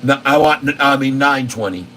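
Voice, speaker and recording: A man hosting a live stock market show, pressing his point again and again and reeling off long runs of price figures. His voice is bright and forward. He sits back from the mic, with a faint air conditioning hum underneath. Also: mid-range voice, normal speed, recorded from a distance. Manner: insistent and repetitive, rattling off price lists. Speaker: channel host.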